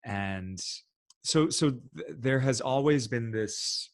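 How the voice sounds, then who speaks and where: A man from New City, a guest in an interview, talking in a reflective, halting way with frequent restarts. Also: medium pitch, animated, no room sound, studio quality. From New York City. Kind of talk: casual interview talk.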